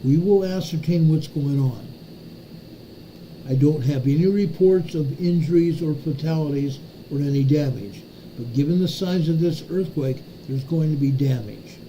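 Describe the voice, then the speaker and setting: A man hosts a live earthquake update, pointing out spots on a map as he goes. He repeats himself for emphasis and keeps checking in with "okay?". His voice sits a little high but sounds very dark and mellow, with a faint hiss underneath. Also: moderate pace, poor audio. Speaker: host of an earthquake update livestream. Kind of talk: live map walkthrough talking to chat.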